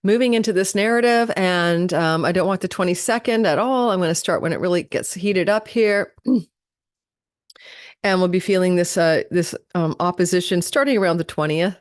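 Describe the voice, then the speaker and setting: A woman hosting a live astrology forecast, talking quickly and chattily and correcting herself as she goes. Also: lowish voice, no echo, clean studio sound. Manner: fast, chatty, self-correcting, talks quickly like an auctioneer. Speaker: astrology channel host.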